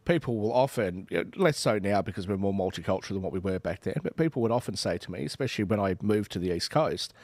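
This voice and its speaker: A man's voice: fairly low pitch, fast talker, hardly any pauses, dry recording. An Australian man in his forties, a finance trader arguing his point animatedly on a discussion panel. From Western Australia. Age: 40s. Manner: animated, argumentative, acts out imagined exchanges.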